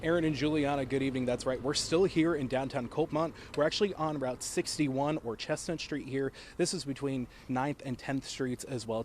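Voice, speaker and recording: A man working as a television news reporter, speaking in a crisp, steady broadcast delivery while reporting live from outdoor scenes. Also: mid-range voice, a little hiss or hum.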